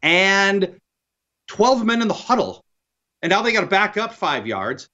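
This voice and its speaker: A man guesting on a sports talk show, telling a story of a losing team in an animated, lamenting way. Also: high-pitched, measured pace. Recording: dull lo-fi line.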